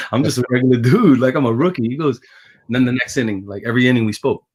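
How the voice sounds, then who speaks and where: This guest is a former ballplayer from Brooklyn who pitched professionally, and his voice is husky and medium-pitched with a quick pace. In a casual interview he tells stories with animation, performing the voices of the people he quotes.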